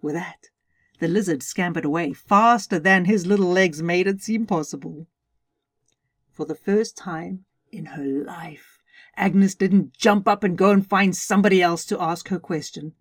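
Slow, upbeat woman storyteller. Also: lowish voice. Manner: bubbly, chatty and upbeat. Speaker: podcast host and storyteller. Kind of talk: storytelling podcast narration.

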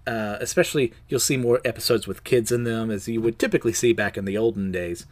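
A man's voice: on the low side, steady tone, quick pace. A man hosting a casual, unedited review show, rambling loosely with many fillers and self-mocking laughs. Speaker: host of a comics review show. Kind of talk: casual review chat, recounting a comic.

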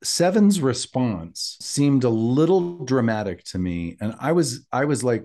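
A man's voice: mid-range voice, expressive, measured pace, hardly any pauses, dark tone. A middle-aged man co-hosting a podcast in an easygoing, conversational way. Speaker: podcast co-host. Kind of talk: casual rewatch chat.

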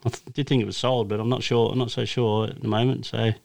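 A man's voice: mid-range voice, level tone, quick pace, vocal fry, darkish tone. A man with an Australian accent, a racing driver telling rambling stories in a casual podcast chat, full of fillers and restarts. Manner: rambling anecdotal storyteller, many fillers and restarts.

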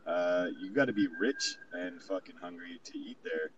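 Deep, profane man on a muffled distant mic. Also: moderate pace, background noise. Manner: profane, rambling storytelling. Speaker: guest recounting a party. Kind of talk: casual chat. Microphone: remote call mic.

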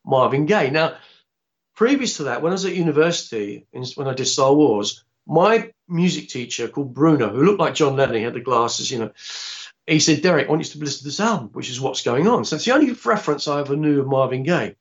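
A man, telling a long anecdote in a rambling, halting way with many restarts. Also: fairly high pitch, lively intonation, highs cut off. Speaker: interviewee, film actor. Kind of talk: casual anecdotal storytelling.

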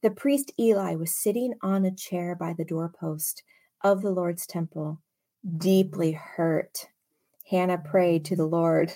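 Woman doing a laid-back bible study, slow and unhurried, lots of expression and little side comments. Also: on the low side. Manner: expressive, with chatty asides. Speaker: Bible teacher. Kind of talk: casual Bible study teaching.

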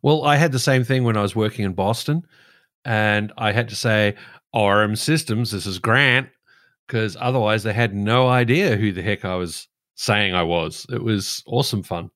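A man's voice: fairly low pitch, normal speed, fairly bright tone, no echo, studio quality. A man co-hosting a podcast, bantering playfully and laughing often. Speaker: podcast co-host. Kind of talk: casual banter.

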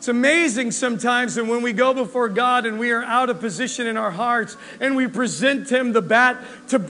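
A man in his forties preaching a sermon, animated and asking the crowd questions, acting out prayers in different voices. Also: very high voice, moderate pace. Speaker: pastor. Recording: echoey hall with faint music.

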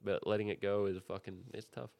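A man in casual podcast chat, telling stories quickly and animatedly, swearing freely. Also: fairly low pitch, gravelly, no echo. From Australia. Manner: fast, profane, animated storytelling. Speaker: podcast guest, skateboarder.

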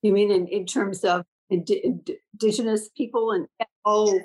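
A woman's voice: medium pitch, normal speed, breathy edge, low-quality recording. An older woman who leads a school, telling stories in a reflective conversation and acting out the dialogue in her anecdotes. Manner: animated, acts out dialogue in anecdotes. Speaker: school leader.

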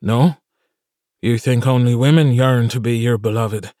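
A man's voice: mid-range voice, unhurried, mellow, no echo, lightly acted. Male reader as a charming, teasing Irish stranger in an audiobook, dry studio read.

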